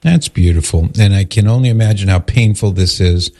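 A man hosting a call-in radio show, calmly steering and summing up a caller's story. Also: low voice, a little fast. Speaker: radio talk show host.

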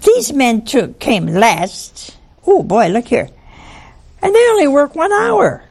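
A woman's voice: a little high, very animated, slow pace, creaky, darkish tone, husky, full character voice. A woman mimicking grumbling, resentful workmen. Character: grumbling day laborers, resentful men.

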